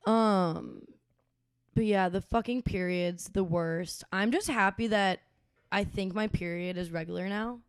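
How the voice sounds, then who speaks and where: A woman's voice: mid-range voice, a little slow, clean tone, no room sound, clean studio sound. A woman in her twenties co-hosting a casual podcast, talking loosely with lots of "dude" and "like" and some swearing. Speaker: podcast co-host. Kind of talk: casual chat.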